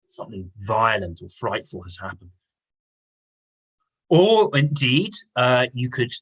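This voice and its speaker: A male English teacher with a husky, slightly rough voice. He explains patiently and leans on key words by repeating them. He speaks at an unhurried lesson pace. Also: mid-range voice, a bit bright, rough recording. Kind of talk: online lesson with reading aloud.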